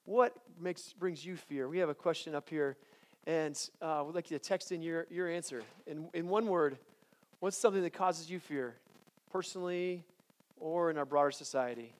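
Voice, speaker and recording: A man with a high, light voice preaches to a chapel congregation. He talks in a loose, conversational way, often restarting words, then builds into strong, repeated declarations. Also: moderate pace. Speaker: chapel speaker. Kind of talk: sermon.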